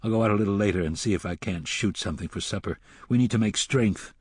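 A man voicing a gruff, weary gunslinger in an audiobook, speaking in terse, clipped lines. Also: lowish voice, fast, darkish tone, no echo, studio quality.

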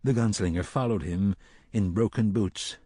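A man narrating a novel as an audiobook in a measured, solemn storytelling manner. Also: fairly low pitch, mellow, slightly rough, no echo, studio quality. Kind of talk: scripted narration.

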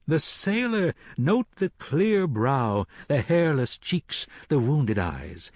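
A man's voice: a little high, big pitch swings, slow, dry recording, studio quality, voice pushed up, heavily acted. A man voicing a sly, mocking male sorcerer who taunts as he reads the cards, in an audiobook reading. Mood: taunting. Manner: taunting and teasing.

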